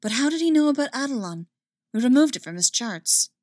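A woman's voice: high-pitched, expressive, fairly quick, no room sound, pitched above the performer's own voice. A determined rebel pilot snaps out her questions, raised and tight, as a narrator voices her. The sound is dry and close. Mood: alarmed. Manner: growling softly, then sharp.

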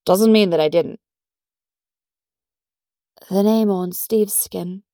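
A woman voicing a brisk, formal English agent who speaks politely and directly. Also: mid-range voice, lively intonation, darkish tone, no room sound, studio quality, natural voice. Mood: guarded.

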